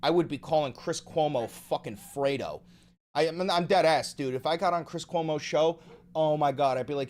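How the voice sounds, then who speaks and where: A man hosting a casual livestream, ranting fast and swearing often while he reads the chat. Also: a little high, a little mellow. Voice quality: profane, rapid ranting. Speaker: livestream host.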